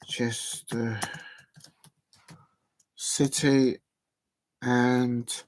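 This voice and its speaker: Hosting a football watch-along stream, this South London man chats casually, rambling and muttering to himself as he types. He speaks slowly in a mid-range voice with fairly even intonation. There's no room sound.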